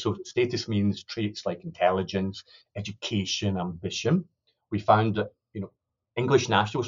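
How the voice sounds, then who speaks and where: Low-voiced man explaining research, dull sound. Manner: thoughtful, many restarts and "you know". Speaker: sociolinguistics academic guest. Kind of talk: podcast interview, explaining research.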